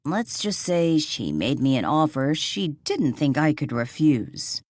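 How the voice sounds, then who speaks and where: Woman reading a wry relaxed man, low voice, dry close sound. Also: a little slow, dry recording. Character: wry laid-back man, amused. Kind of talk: audiobook character voice.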